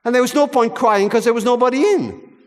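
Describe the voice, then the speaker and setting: A man's voice: very high-pitched, a little fast. A man giving a sermon as a guest preacher, telling a story expressively and with emphasis. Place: ballroom at a church service. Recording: long reverb of a large hall.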